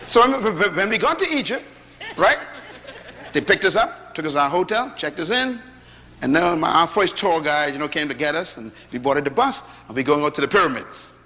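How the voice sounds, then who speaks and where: Animated preacher man in an echoey hall. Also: on the high side, moderate pace, slight background noise. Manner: lively preaching with rhetorical questions and humorous storytelling. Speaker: pastor. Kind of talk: sermon. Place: large hall with audience. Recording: echoey hall, faint ambience.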